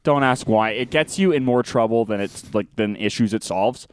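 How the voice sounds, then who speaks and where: A man's voice: lowish voice, normal speed, clear, resonant tone. A young man co-hosting a casual comedy podcast, teasing in a mock-serious way and swearing freely. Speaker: podcast co-host.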